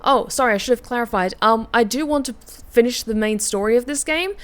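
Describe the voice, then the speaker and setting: A woman streamer, chatty and excitable, reading a story game aloud and chatting with her viewers. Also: on the high side, a little fast. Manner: chatty, excitable, many fillers and asides.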